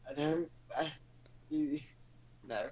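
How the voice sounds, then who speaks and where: Slow, hesitant man talking football. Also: on the high side, fairly even intonation, a little mellow, highs cut off. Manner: hesitant, lots of ums, blunt opinions. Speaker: podcast co-host. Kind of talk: casual chat.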